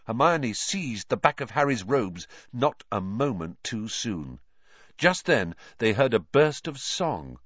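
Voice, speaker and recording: A man reading a children's novel aloud as narrator, in an expressive, animated storytelling manner. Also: medium pitch, takes it slowly, dry recording, dull audio. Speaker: audiobook narrator.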